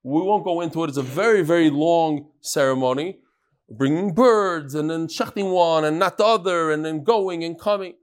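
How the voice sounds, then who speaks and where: Chatty rabbi teaching talmud live, fairly high voice, jokes with the room. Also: male voice, a little fast, hardly any pauses, clean tone. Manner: lively, chatty, teasing the audience.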